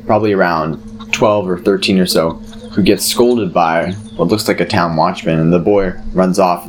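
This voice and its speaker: Low male game master, loose narration, faint hiss. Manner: relaxed, filler-laden narration.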